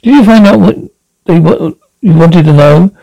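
A man voicing an anxious, impatient young man who fires off quick, worried questions. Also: high-pitched, creaky, mellow, no echo, rough recording.

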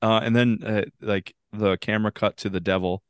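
A man's voice: lowish voice, steady tone, moderate pace, clear, resonant tone, no echo, studio quality. A man co-hosting a wrestling podcast, joking around loosely and steering the conversation between segments. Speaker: podcast co-host. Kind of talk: casual wrestling podcast chat.

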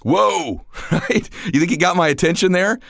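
A man in his forties giving a motivational talk, telling stories and acting out the dialogue, at times rising almost to a shout. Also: high voice, lively intonation, normal speed, no echo, clean studio sound. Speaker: motivational speaker.

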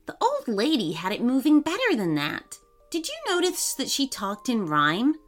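A woman's voice: fairly high pitch, wildly swooping pitch, normal speed, faint music behind. A woman voicing a polite, thoughtful young boy in a storybook reading. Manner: polite and helpful.

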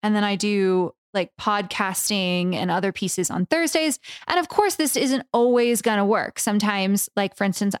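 A woman hosting a solo podcast as a business coach. She talks in a casual, animated way, swears freely, fills her talk with "like" and "right?", and jumps up in pitch for emphasis. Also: smooth, dry recording, clean studio sound.

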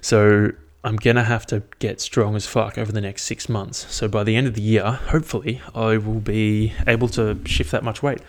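A man's voice: lowish voice, level tone, moderate pace, hardly any pauses. A young man casually recapping his training, rambling and swearing freely in an upbeat way. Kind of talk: casual chat.

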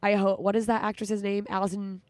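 A woman's voice: mid-range voice, flat delivery, a little fast, darkish tone, no echo. A woman in her thirties hosting a podcast, talking candidly and emotionally in casual chat, swearing often. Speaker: podcast host.

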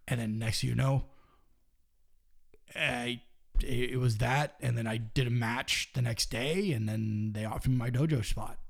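Gravelly man telling stories. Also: mid-range voice. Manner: profane, animated, drops to near-whispers. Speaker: guest, professional wrestler. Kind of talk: casual storytelling.

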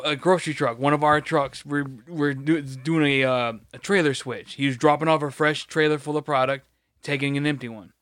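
A man's voice: mid-range voice, fairly bright tone, clean tone, dry recording, studio quality. A man in casual chat, rambling and swearing as he tells a work story. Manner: rambling, profane, sympathetic storyteller.

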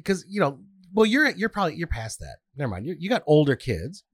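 A man chatting casually as a podcast co-host, playful and quick to fire back a defensive comeback. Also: a little high, wildly swooping pitch, a bit bright, breathy edge, no room sound, clean studio sound. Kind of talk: casual chat.

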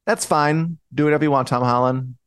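A man's voice: on the high side, steady tone, a little fast, background noise. A man co-hosting a pop culture podcast, talking casually with blunt, wry humor. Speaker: podcast co-host. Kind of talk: casual chat.

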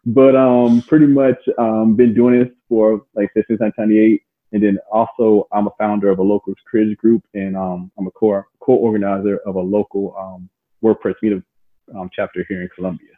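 A man's voice: fairly low pitch, level tone, brisk, phone-quality sound. A man in his forties, a web developer guest on a podcast, talking in an easygoing way with laughs and frequent ums. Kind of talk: casual interview chat.

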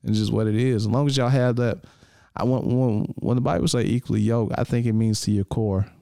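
A man's voice: medium pitch, fairly even intonation, a little fast, vocal fry, mellow, no room sound, clean studio sound. A young man co-hosting a podcast in casual chat, laid-back, laughing often and calling people man and bro. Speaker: podcast co-host.

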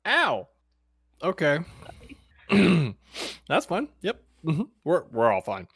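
This is a man playing a tabletop role-playing game, his voice slow, gravelly and a little breathy. He is playful and laughs a lot, his pitch jumping high when he gets excited, captured in clean studio sound with no echo.

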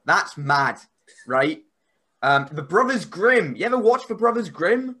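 A man, a podcast guest, telling stories in a rambling, animated way. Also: high-pitched, unhurried, breathy edge. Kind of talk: casual podcast chat.

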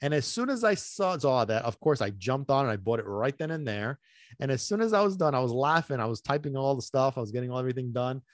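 Animated man rambling on a podcast. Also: medium pitch, quick pace, no echo, clean studio sound. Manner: animated, rambling, swings between loud and muttered. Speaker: podcast host. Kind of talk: rambling solo podcast storytelling.

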